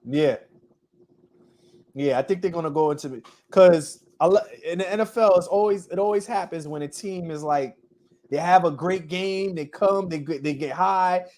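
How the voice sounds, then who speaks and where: Football picks are the topic as this male sports podcast co-host talks casually at a moderate pace. His fairly high voice has a slightly mellow quality, and his delivery rambles, with frequent restarts and ums where he trails off.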